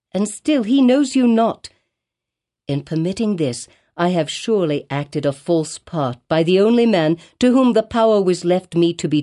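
A woman's voice: lowish voice, dark tone. Woman reading a grave, sorrowful woman.

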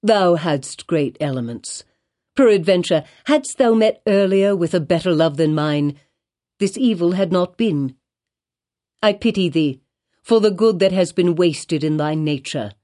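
A woman's voice: lowish voice, lively intonation, measured pace, dark tone. A woman reading Roger Chillingworth, a brooding old physician. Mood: grave pity. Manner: grave, brooding, archaic speech. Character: elderly male physician, bitter and vengeful. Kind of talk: audiobook character reading.

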